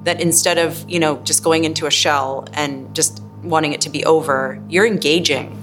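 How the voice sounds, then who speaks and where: A woman with a low voice interviews a survivor for television. She asks probing questions and reacts with quiet exclamations of shock. Music plays clearly underneath. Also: steady tone, normal speed.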